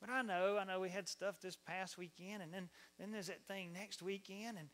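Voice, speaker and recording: Southern preacher guy, chatty animated sermon, kinda high voice. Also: moderate pace. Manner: animated, conversational storytelling. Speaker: pastor.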